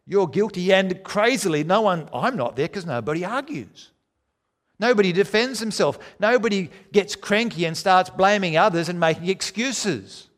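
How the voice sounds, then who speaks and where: A man preaching a sermon, emphatic, swinging between loud declarations and quiet, low lines. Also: moderate pace.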